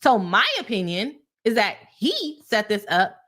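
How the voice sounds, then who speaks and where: A young woman hosts a live-stream of legal commentary, talking straight to her viewers. Her delivery is animated and heated, and she calls the audience "y'all". Her voice sits at an ordinary pitch for a woman. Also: unhurried. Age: young adult.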